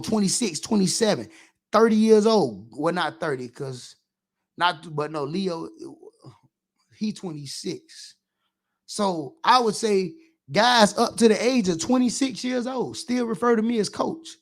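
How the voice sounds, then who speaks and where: Emphatic high-voiced man preaching on radio. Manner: preachy, emphatic, acts out scolding kids. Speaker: youth football coach and radio show speaker. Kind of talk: impassioned radio monologue.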